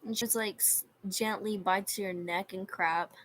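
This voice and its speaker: A woman's voice: medium pitch, fairly even intonation, unhurried, a bit bright, poor audio. A young woman on a livestream reading chat messages aloud and telling a story in a sarcastic, complaining way.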